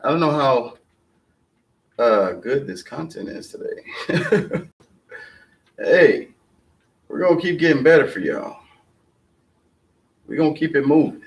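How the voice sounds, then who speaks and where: A man's voice: fairly high pitch, expressive, takes it slowly, long pauses, recorded from a distance, rough recording. Breathless, impassioned man ranting. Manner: impassioned, profane, acts out others' retorts. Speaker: host. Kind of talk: casual ranting chat.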